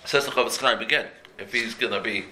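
A man's voice: medium pitch, fast talker, pushed and bright, a little hiss or hum. A man teaching a daily Jewish law class in an earnest, conversational way, repeating and rephrasing each point as he explains it. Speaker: Torah teacher. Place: room before a talk.

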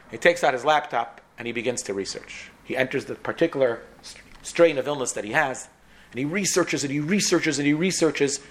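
A man telling a sermon story dramatically, with repetition, acting out the dialogue. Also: a little high.

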